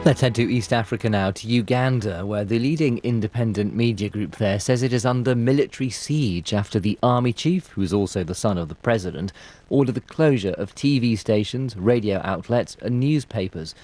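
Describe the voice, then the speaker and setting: A male news presenter with a fairly low voice, reading headlines and then questioning a guest in a crisp, pressing way. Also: brisk, a little mellow, soft background music.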